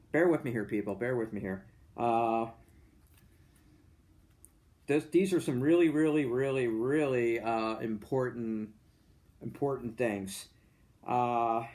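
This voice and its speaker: A man with a Delco Philadelphia-area accent, talking to camera in a chatty, rambling way with lots of fillers and jokey asides. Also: mid-range voice. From Delaware County, Pennsylvania. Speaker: vlogger. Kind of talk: casual explanatory monologue.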